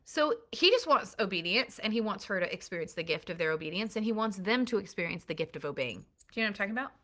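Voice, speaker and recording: A woman's voice: mid-range voice, expressive, quick pace, fairly bright tone. A woman parenting coach giving an earnest, emphatic recorded lesson built on analogies.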